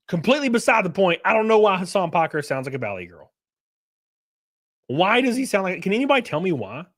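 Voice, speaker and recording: Man, livestream host, casual commentary, blunt and crude, high voice. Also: fairly bright tone. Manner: blunt, profane, rambling.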